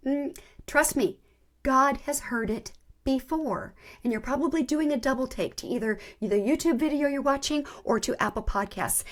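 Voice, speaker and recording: A woman hosting a faith podcast, telling a personal testimony in a candid, earnest way and sometimes laughing at herself. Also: sits high. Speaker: podcast host.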